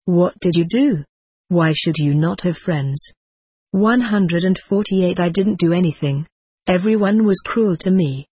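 A woman reads aloud in a lowish, slightly husky voice, recorded close and dry. Her delivery is plain and steady, and she even speaks the punctuation and section numbers. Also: dry recording. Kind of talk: audiobook reading.

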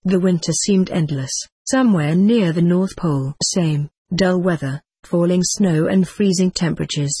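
A man reading a storybook aloud as narrator, in a measured, gently expressive way. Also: high-pitched, slightly rough, dry recording.

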